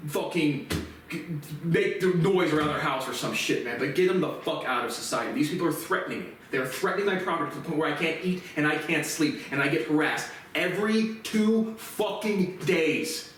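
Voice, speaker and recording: A man's voice: fairly high pitch, moderate pace, slight background noise. Angry man ranting in echoey room. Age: 20s. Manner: agitated, swearing, voice rising into shouts. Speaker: vlogger. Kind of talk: angry profane rant to camera. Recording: very echoey room, far from mic.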